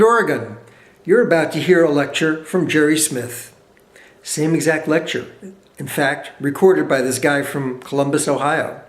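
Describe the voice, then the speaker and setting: A man being interviewed as a researcher, explaining his studies with animated storytelling and quick asides. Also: medium pitch, reverberant.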